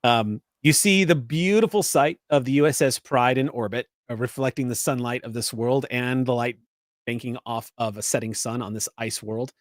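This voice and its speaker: Man GM narrating a sci-fi game scene, descriptive, chuckling, middle pitch, dry sound. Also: moderate pace, dry recording. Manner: descriptive, laughs often, frequent fillers. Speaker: game master.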